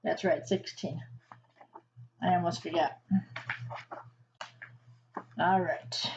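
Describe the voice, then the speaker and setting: A woman reading a picture book aloud to children, pausing to ask them questions and explain words. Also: on the low side, steady tone, creaky, muffled recording, a little hiss or hum. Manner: gentle teacherly asides and questions to the listener. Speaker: children's story reader.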